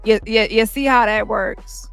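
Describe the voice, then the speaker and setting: Woman, brash mocking rant, higher voice, dry close sound. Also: fairly even intonation, measured pace, gravelly, fairly bright tone, smooth, no room sound, faint music behind. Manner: brash, mocking, repetitive, heavy cursing. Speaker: commentary channel host. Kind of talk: profane ranting commentary.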